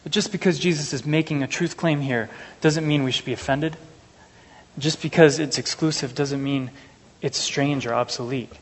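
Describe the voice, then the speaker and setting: A man preaching an earnest, measured sermon to a congregation, reading scripture and telling everyday stories. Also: fairly high pitch. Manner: earnest, measured, anecdotal asides. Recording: long hall reverb.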